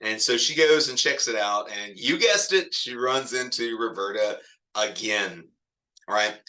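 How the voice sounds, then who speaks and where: Male lit teacher, casual and rambling, very bright tone. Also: lowish voice, expressive, unhurried. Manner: chatty, digressive, laughs often. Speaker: literature teacher. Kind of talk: casual classroom lecture.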